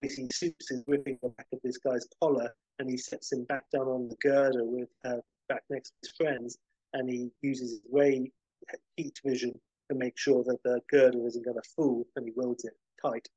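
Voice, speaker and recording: A man hosting a podcast, casually rambling through a film pitch scene by scene with lots of fillers. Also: little pitch movement, moderate pace, mellow, dry recording, poor audio. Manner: rambling, many fillers and restarts, vivid scene-by-scene description.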